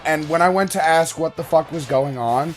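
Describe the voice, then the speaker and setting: A man streaming a game and trading crude, deadpan jokes in casual banter. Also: on the high side, moderate pace, soft background music. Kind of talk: casual banter while gaming.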